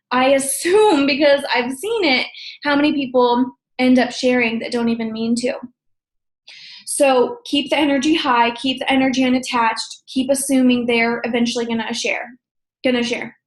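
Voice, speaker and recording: A woman's voice: high voice, fairly even intonation. A woman coaching her sales team in a casual, upbeat way, often checking in with "okay?". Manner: upbeat, talks fast with frequent "okay?" check-ins. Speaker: team leader training sales associates. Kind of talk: casual training talk. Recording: echoey room.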